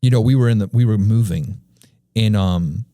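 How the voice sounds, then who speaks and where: A man's voice: lowish voice, normal speed, mellow, no room sound, studio quality. A man co-hosting a church podcast, telling personal faith stories in an earnest, conversational way and often repeating his key phrases.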